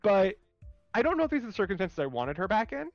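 A man co-hosting a casual comics chat, animated and rambling with lots of fillers. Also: sits high, fast, no room sound, muffled recording, faint music behind. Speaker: comics podcast co-host.

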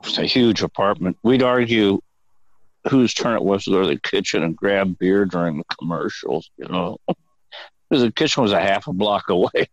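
A man's voice: sits low, animated, moderate pace, gravelly, no echo. An older man, a guest on an interview show, telling long rambling stories with plenty of cursing and chuckles. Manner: rambling, profane, chuckling storyteller. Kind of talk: casual storytelling interview. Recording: dull lo-fi dry sound.

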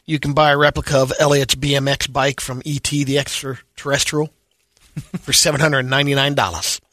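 A man's voice: medium pitch, level tone, brisk, pushed and bright, no echo, studio quality. A man co-hosting a talk show, reading out entertainment news items in a matter-of-fact, casual way.

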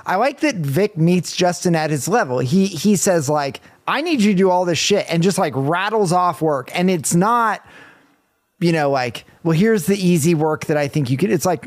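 Animated high-voiced man reviewing a movie. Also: moderate pace, no echo. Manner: animated, swears, acts out quotes. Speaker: podcast co-host. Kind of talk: casual movie review chat.

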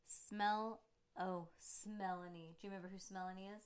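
A woman's voice: fairly low pitch, little pitch movement, fast, darkish tone, slight background noise. Woman reading a bedtime story. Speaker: podcast host and reader. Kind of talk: reading a children's book aloud.

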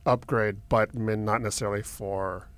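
A man's voice: lowish voice, fairly even intonation, normal speed, dry recording. Regular guy voice on a podcast, pretty dry mic, easygoing. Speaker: podcast co-host reading listener comments. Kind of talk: casual tech podcast chat.

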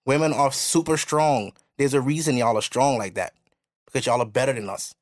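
A young man hosting a casual podcast, lecturing bluntly and slipping into high mocking voices when he quotes people. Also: brisk. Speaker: podcast host.

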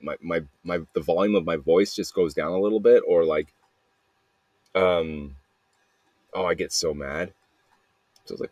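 A man's voice: deep voice, a little slow, long pauses, darkish tone, no room sound. A man hosting a podcast, rambling through a personal monologue with frequent swearing and flashes of anger. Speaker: podcast host.

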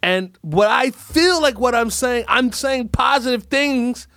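High-voiced ranting man. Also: takes it slowly, bright, forceful tone, dry recording, clean studio sound. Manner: profane, mock-addresses world leaders. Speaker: podcast host. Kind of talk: rambling comedic rant.

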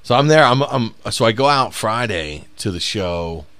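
A man who is a stand-up comic, telling profane, animated stories in a casual podcast chat. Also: fairly low pitch, normal speed, clear, resonant tone. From South Bend, Indiana.

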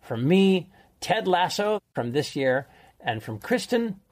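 A man's voice: high voice, sing-song, takes it slowly, darkish tone. A man hosting a chatty show, talking enthusiastically and laughing easily. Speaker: show host, reviewer. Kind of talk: casual chat.

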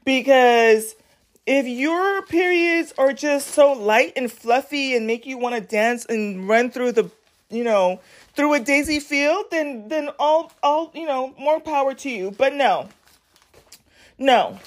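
A woman hosting a casual solo podcast, talking candidly and bluntly in a rambling way, with many filler words. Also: high voice. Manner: blunt and sassy. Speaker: podcast host.

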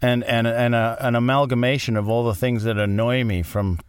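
A man's voice: mid-range voice, steady tone, moderate pace, smooth, no room sound, clean studio sound. A man in his forties chatting casually as a guest, rambling and self-deprecating, often restarting his sentences. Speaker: podcast guest. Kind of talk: casual chat.

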